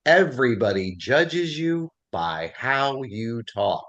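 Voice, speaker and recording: A man's voice: mid-range voice, slow pace, lo-fi sound. A man with a Southern US accent leading a casual class discussion, telling stories and laughing often. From American South. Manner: animated storyteller, laughs often. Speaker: Bible class teacher.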